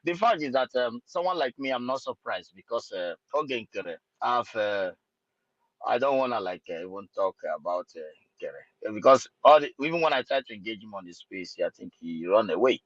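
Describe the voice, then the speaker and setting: A man's voice: fairly low pitch, expressive, normal speed, no echo, muffled recording. A man speaking in an online audio room, talking with passion and many hesitations and restarts. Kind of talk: impassioned political talk.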